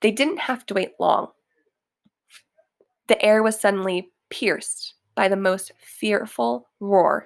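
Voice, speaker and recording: A woman reading a children's book aloud slowly and deliberately. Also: mid-range voice, gravelly. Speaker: reader.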